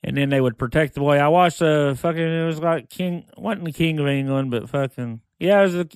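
Smooth-voiced, foul-mouthed male guest. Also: on the high side, brisk, no room sound. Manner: blunt, heavy cursing. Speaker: podcast guest. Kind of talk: casual chat.

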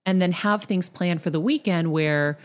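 A woman's voice: on the low side, moderate pace. A middle-aged woman hosting a podcast, talking candidly and telling stories in a casual chat. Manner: candid, animated storytelling. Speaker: podcast host.

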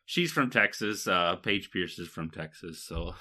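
A man's voice: low voice, animated, a little slow, pushed and bright. A man from Michigan co-hosting a podcast, chatting casually in a rambling way with fillers and laughs. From Michigan, USA. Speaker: podcast co-host. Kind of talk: casual chat.

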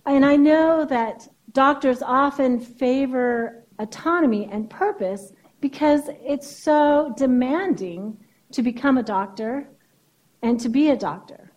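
A woman's voice: high voice, takes it slowly, a little mellow, highs cut off. A woman therapist giving a keynote speech in a conversational lecturing way, often checking in with "right?".

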